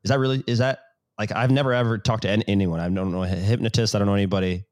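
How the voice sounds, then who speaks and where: A man's voice: fairly low pitch, fairly even intonation, rapid-fire, a little mellow, no echo. A man hosting an interview, asking curious, rambling questions. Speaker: podcast host. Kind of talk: conversational interview.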